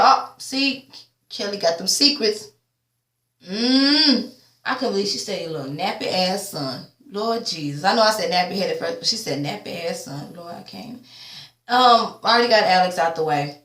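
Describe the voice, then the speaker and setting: A tired woman giving a sassy, casual TV episode recap, swearing freely and jumping up in pitch when she quotes the characters. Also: animated, moderate pace, fairly bright tone. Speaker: TV recap vlogger. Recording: echoey room.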